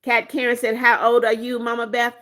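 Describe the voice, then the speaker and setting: A woman in her seventies with a somewhat high voice chats casually on a livestream. She reads viewer comments aloud and answers them in a playful, teasing way. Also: completely flat delivery, a little fast, fairly bright tone. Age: 70s. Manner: playful, teasing, frequent laughs. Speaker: livestream host.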